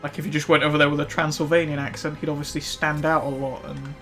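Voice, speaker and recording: A man's voice: a little high, level tone, quick pace, pushed and bright. Chatty man over faint music. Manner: rambling, many fillers like "like". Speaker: streamer. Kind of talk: casual chat while gaming.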